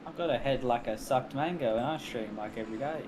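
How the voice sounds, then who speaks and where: A man's voice: mid-range voice, a little fast. A man chatting casually as a co-commentator, laid-back and mumbly. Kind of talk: casual esports chat. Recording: loud background noise.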